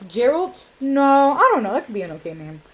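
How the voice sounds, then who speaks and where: A woman's voice: high voice, very animated, fairly quick, highs cut off. Rambling young woman hosting a live stream. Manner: rambling, self-deprecating, lots of ums and tangents. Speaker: live stream art auction host. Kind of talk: casual live stream chat. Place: home room. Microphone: webcam.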